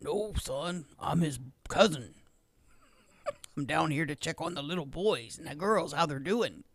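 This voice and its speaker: A woman's voice: low-pitched, lively intonation, slow pace, full character voice. A woman voicing a jolly male Santa Claus, laughing through her lines. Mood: playful.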